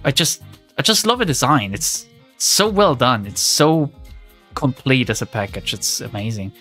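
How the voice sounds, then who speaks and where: A man's voice: medium pitch, expressive, normal speed, sharp tone, soft background music. A man giving casual, rambling commentary while reading a game story aloud, with many fillers.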